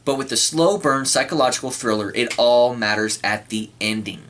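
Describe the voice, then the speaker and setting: A man giving a casual spoken film review, clearing his throat often and acting out quoted lines. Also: mid-range voice, moderate pace, fairly bright tone. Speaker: movie reviewer.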